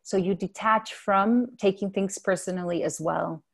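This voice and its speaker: A woman whose first language is Spanish, chatting gently in an interview about mindfulness, pausing often to correct herself. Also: medium pitch, gravelly. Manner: thoughtful, self-correcting, gentle. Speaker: guest, mindfulness mentor. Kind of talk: casual interview chat.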